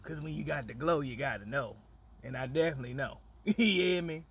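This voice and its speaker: A man's voice: fairly high pitch, brisk, fairly bright tone, a little hiss or hum. A man from Michigan rambling and cracking puns in a casual monologue, often asking "you hear me?" and talking from a moving car. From Battle Creek, Michigan. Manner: punning, joking, keeps asking "you hear me?", bursts of laughter. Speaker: vlogger.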